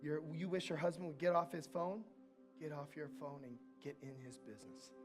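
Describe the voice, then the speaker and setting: Guy preaching in church, pitch a bit up, goes loud then real soft, quiet music behind. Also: brisk. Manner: earnest, swings from loud to soft intimate asides. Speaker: pastor. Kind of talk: sermon.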